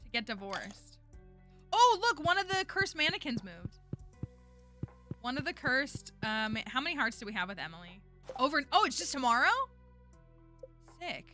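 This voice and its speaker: Bright chatty woman streamer. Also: fairly high pitch. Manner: chatty, rambling, many fillers; exasperated ranting. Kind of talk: casual gameplay stream chat.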